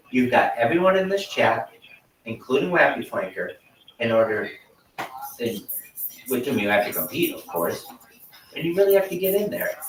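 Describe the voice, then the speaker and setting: A man's voice: fairly high pitch, fairly bright tone, echoey room, recorded from a distance, poor audio. A young man doing over-the-top, profane, mock-grandiose hype commentary on a livestream.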